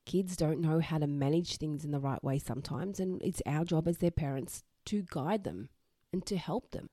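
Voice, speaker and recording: A woman's voice: low voice, normal speed, dark tone, no echo, clean studio sound. A woman, hosting a solo parenting advice podcast in a frank, direct way. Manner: direct, frank, swears casually. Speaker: podcast host.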